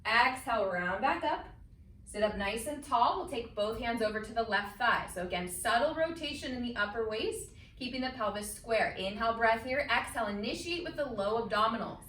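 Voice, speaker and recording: A woman instructor calmly guiding a chair Pilates workout, cueing each breath and movement step by step. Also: on the high side, fairly quick. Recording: echoey room, mic at a distance.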